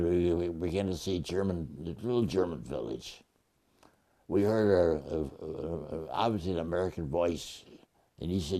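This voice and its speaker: An older man, a war veteran, recounting his memories in an interview in a halting way with frequent restarts and a gravelly voice. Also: low-pitched, dark tone.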